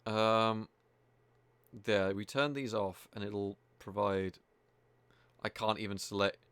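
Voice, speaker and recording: Low-voiced chatty male game streamer. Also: steady tone, slow pace, a bit bright, smooth, no room sound. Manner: chatty, exasperated, swears freely. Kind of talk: live gameplay commentary.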